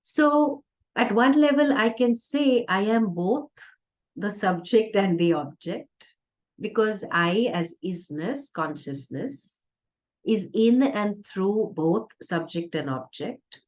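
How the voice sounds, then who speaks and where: A woman spiritual teacher giving a conversational, playful discourse with soft laughs. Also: mid-range voice, animated, slow. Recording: dull lo-fi recording.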